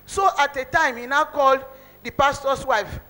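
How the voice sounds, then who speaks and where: A woman's voice: high voice, moderate pace, poor audio. A woman giving a spoken testimony in church, telling her story earnestly, with emotion and many repeats.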